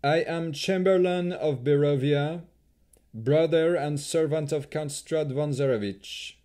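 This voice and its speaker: A man's voice: fairly high pitch, sing-song, dark tone, voice pushed up. A man voicing a sneering elf chamberlain. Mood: cold formal. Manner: cold, sneering, measured. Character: haughty male elf chamberlain, scornful.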